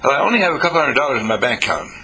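A man voicing a frustrated young woman caller who complains in a high, plaintive voice. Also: very animated, rapid-fire, sharp tone, husky, heavily acted. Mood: pleading.

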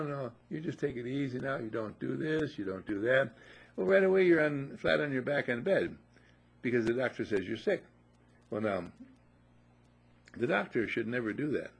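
An older man talks in a relaxed, folksy way, telling little stories and then urging the listener to believe in themselves. His voice has a gravelly, slightly husky edge. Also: mid-range voice. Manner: folksy storyteller, repeats affirmations. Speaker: motivational speaker. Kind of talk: casual motivational talk.

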